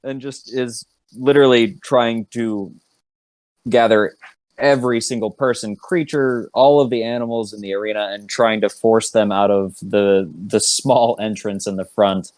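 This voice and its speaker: A man narrating as game master of an online tabletop game, relaxed, with many fillers and laughing asides. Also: lowish voice, measured pace, dry recording.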